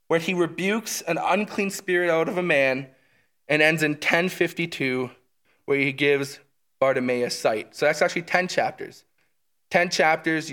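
A Bible teacher with a somewhat high, slightly bright voice works through a book of scripture conversationally. He is enthusiastic and keeps checking in with listeners by asking "right?".

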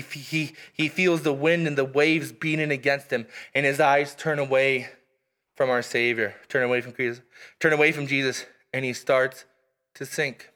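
A man preaching a sermon in an earnest, emphatic way, reading scripture aloud and pausing for weight. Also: fairly high pitch, fairly bright tone. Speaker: pastor.

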